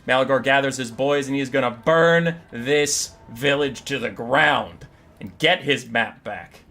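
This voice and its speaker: A man casting a strategy game battle, telling the story in an animated, jokey way with quick asides. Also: mid-range voice, faint music behind. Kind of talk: casual game commentary and storytelling.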